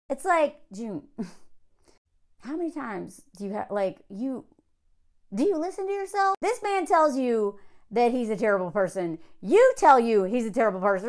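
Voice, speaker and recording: A woman talks straight to camera, reviewing a film in a casual, blunt way. Her voice sits high and jumps up and down a lot as she slips into mocking impressions of the characters. Her tone stays sarcastic. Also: big pitch swings, normal speed. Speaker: movie reviewer. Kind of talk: casual vlog commentary.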